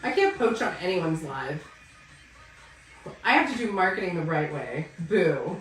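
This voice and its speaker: A woman hosting a casual live stream selling wigs, bantering loudly and laughing with viewers. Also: on the low side, lively intonation, a little slow, distant mic. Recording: roomy sound from off-mic with faint music.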